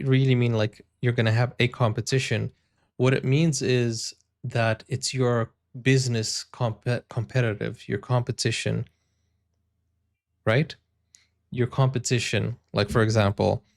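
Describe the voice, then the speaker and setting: A man with a creaky, mid-range voice hosts a YouTube reaction channel. He chats casually, wondering aloud as he tries out words.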